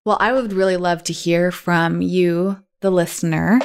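A woman's voice: fairly low pitch, fairly even intonation, measured pace. A woman co-hosting a podcast, talking in a thoughtful, rambling way with many fillers. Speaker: podcast co-host. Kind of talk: casual chat.

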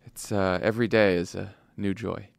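A man's voice: fairly low pitch, steady tone, moderate pace, vocal fry, over loud music. A man hosting a podcast, talking in an earnest, encouraging, conversational way. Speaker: podcast host. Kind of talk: casual political chat.

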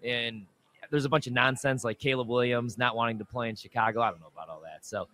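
A man of middle pitch chats about football as a radio co-host. He is casual and loose, and he hedges his opinions as he goes. His tone stays relaxed and conversational. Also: fast talker. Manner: casual, hedging, starts with "man" and "I mean". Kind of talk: sports talk radio discussion.

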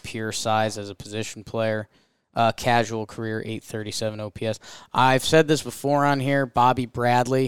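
A man's voice: fairly low pitch, clear, resonant tone, no echo, clean studio sound. A man co-hosting a casual sports podcast, talking players with upbeat enthusiasm. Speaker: podcast co-host.

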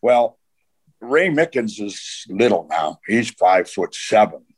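A man's voice: fairly low pitch, very animated, slow, husky. An older man, a retired coach, telling long anecdotes in a podcast interview, full of "uh" and restarts. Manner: rambling anecdotes with frequent "uh" and restarts. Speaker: guest, retired football coach.

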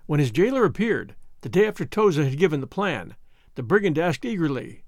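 Storyteller, male, lively intonation, dry close recording. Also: on the high side, brisk, no echo. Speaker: narrator. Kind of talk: storybook reading.

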